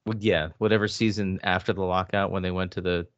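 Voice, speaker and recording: A man with a lowish voice chats and rambles through a hockey podcast. The recording is dry and muffled. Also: little pitch movement, fast, no echo. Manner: chatty, rambling. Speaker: podcast co-host. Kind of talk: casual hockey chat. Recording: dull, dry sound.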